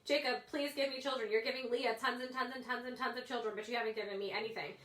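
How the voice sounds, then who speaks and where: A woman's voice: on the high side, steady tone, fast, fairly bright tone, reverberant, natural voice. A woman voicing a whiny, demanding young wife in a light, everyday quote. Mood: complaining.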